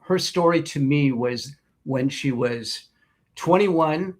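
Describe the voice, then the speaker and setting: Animated storytelling man guest. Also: fairly high pitch, slow pace. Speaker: writer and producer guest. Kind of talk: interview anecdote.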